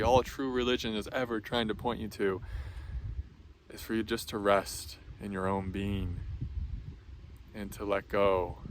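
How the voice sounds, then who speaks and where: A man giving a gentle spiritual talk as a teacher, speaking softly and reassuringly with frequent ums and restarts. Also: lowish voice, slight background noise. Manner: soft, slow, reassuring, with many ums and restarts.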